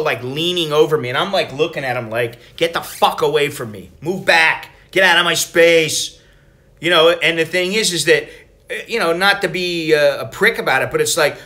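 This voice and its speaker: A middle-aged American man talking casually in a travel vlog, rambling and profane as he tells stories. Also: on the high side. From United States. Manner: rambling, profane, animated storytelling. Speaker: travel vlogger.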